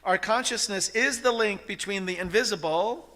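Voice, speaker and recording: A man's voice: high-pitched, moderate pace, sharp tone. A man giving an interactive spiritual talk to a congregation, often asking the audience questions. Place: church service hall.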